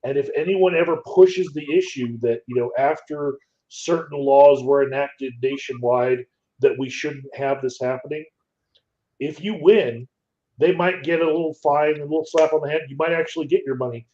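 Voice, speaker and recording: A man speaks in a measured, deliberate way during a casual chat. His voice is mellow and dark, middle in pitch. The recording is dull and lo-fi. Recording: dull lo-fi audio.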